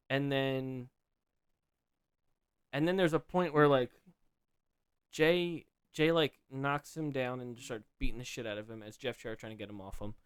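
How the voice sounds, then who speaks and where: Smooth-voiced man rambling casually. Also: medium pitch, dry recording. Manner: rambling, many restarts and fillers. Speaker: podcast co-host. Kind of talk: casual chat.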